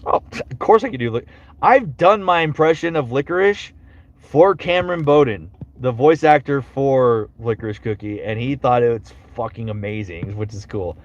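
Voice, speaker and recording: A man's voice: medium pitch, normal speed, lo-fi sound. A young man hosting his live stream as a voice actor. He answers viewers casually, rambling with fillers and swearing now and then. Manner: lively, swears casually, drops into character voices between answers; rambling with many fillers and restarts.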